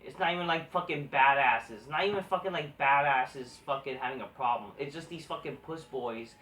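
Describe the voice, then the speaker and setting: A man's voice: medium pitch, fairly quick, pushed and bright, slight background noise. A man ranting casually and profanely about wrestling news, rambling and exasperated, with lots of restarts. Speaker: wrestling commentary vlogger. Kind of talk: casual rant. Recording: echoey room from far off the mic.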